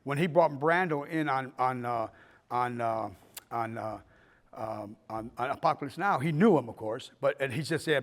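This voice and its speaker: In a fine arts center hall, an older man with a medium-pitched voice at normal speed teaches a filmmaking class. He rambles casually, stumbling and restarting as he tells stories and acts out the people in them.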